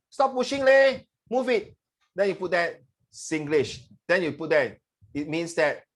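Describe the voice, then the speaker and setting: Animated Singaporean male tutor. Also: fairly high pitch. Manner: animated, switches between English and Mandarin, acts out quoted voices. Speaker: English tutor. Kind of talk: classroom teaching.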